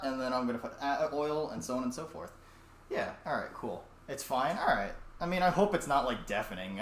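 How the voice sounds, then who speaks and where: Heard from a distant mic, this young man's medium-pitched, fairly bright voice echoes around his home kitchen amid faint noise. He's streaming while he cooks, chatting casually, rambling and swearing.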